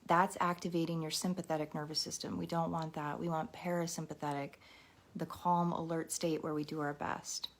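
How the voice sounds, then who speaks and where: A woman leading a live guided meditation and mindfulness talk, gentle and encouraging, speaking straight to her viewers. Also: low-pitched, flat delivery, fairly quick.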